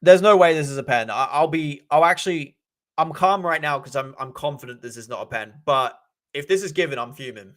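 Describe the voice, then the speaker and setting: A young man streaming a live football watch-along, excitable, often stammering and repeating himself. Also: a little high, brisk. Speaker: football fan livestreamer.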